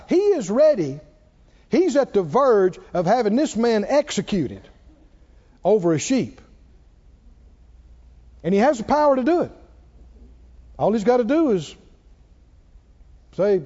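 A man preaching a sermon, swinging between loud, dramatic lines and hushed ones. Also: high voice, big pitch swings, unhurried, long pauses. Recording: muffled sound with long hall reverb.

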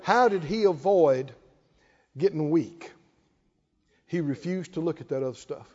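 A man preaching a fervent sermon, moving from hushed tones to shouted repetition as the congregation answers. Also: on the high side, unhurried. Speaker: pastor. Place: church hall with congregation responding. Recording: dull hall reverb, lo-fi.

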